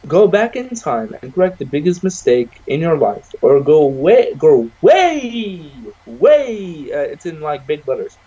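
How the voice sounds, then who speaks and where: High-voiced slangy young man, lo-fi call. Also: very animated, a little slow, hardly any pauses, breathy edge. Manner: loud, swearing, slangy, laughing a lot. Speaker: podcast co-host. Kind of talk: casual chat over a call. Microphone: video call.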